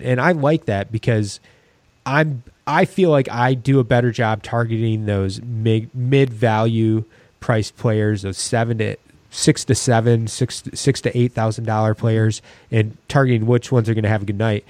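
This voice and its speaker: A man's voice: on the low side, fairly even intonation, moderate pace, a little mellow, no room sound. Rambling man on a sports podcast. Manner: rambling, restarts often. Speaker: podcast co-host. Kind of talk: casual sports podcast chat.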